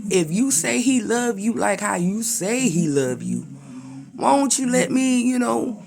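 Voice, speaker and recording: A man puts on a scheming male devil who taunts and wheedles in loose slang. The voice sits well above his own and rushes along. It has a gravelly edge. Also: very high-pitched, lively intonation, a little mellow, pitched above the performer's own voice, exaggerated voice. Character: sly male devil bargaining with God.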